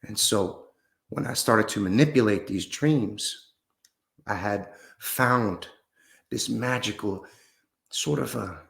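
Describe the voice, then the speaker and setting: A man playing a grandiose, rambling mystic who muses slowly and solemnly in a comedy sketch. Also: on the low side, creaky, a bit bright, heavily acted. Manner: slow, solemn pseudo-scientific musing, drawn-out pauses. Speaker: guest in a parody interview.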